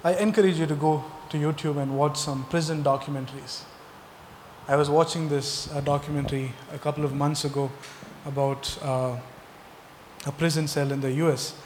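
A man's voice: on the high side, steady tone, moderate pace, darkish tone, big-room sound, a little hiss or hum. A male pastor delivering a sermon, asking the congregation rhetorical questions and stressing key points.

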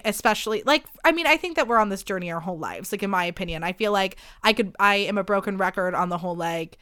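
A woman in her late twenties hosting a podcast, talking in a chatty, self-deprecating way with lots of fillers and sudden jumps in pitch. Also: pushed and bright, clear, resonant tone, dry recording, studio quality. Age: late 20s. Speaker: podcast host. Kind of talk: casual confessional chat.

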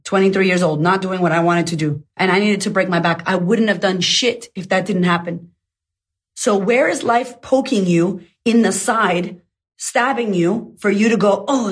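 Husky woman coach talking into her phone, blunt and fired up, swears a lot. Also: mid-range voice. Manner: blunt, fiery, swears freely. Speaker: life coach. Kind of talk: motivational live talk.

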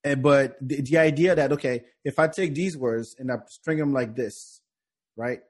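A podcast host from France, with a French accent and English as a second language, chats casually in a mid-range voice at a moderate pace. He talks in rambling bursts, restarting often.

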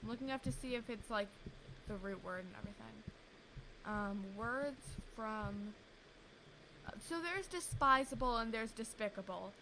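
A woman's voice: a little high, lively intonation, moderate pace, sharp tone, a little hiss or hum, poor audio. A young woman co-hosting a podcast in casual chat, playful and teasing, rambling as she talks. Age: young adult. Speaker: podcast co-host.

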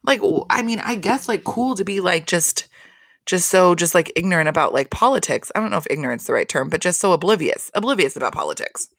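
A woman talks through a reality show in a loose, rambling solo recap, swearing freely and breaking into laughter. Her voice sits a little low for a woman. The sound is close and dry, with almost no room around it. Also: lively intonation, a little fast, vocal fry, a bit bright, dry recording. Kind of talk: casual solo recap chat.

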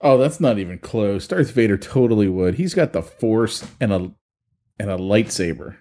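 A man's voice: lowish voice, expressive, moderate pace, dark tone. A man co-hosting a podcast in casual chat, bantering and rambling on as he makes his points. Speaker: podcast co-host.

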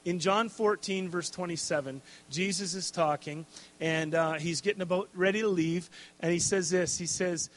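A man with a high-sitting voice preaches a casual, conversational sermon at a moderate pace. He tags his lines with "okay?" and "right?" and throws in jokey asides.

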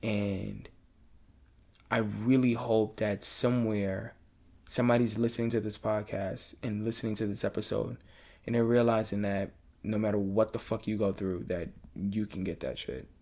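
A man's voice: on the low side, moderate pace. Earnest, cussing podcast host man. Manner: earnest, swears freely, gets loud and excited. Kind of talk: casual podcast chat.

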